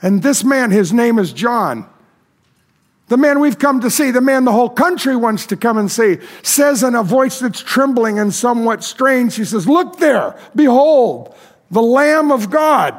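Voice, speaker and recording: Male pastor, high voice, dramatic storytelling sermon. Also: lively intonation. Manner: vivid, dramatic storytelling with pauses.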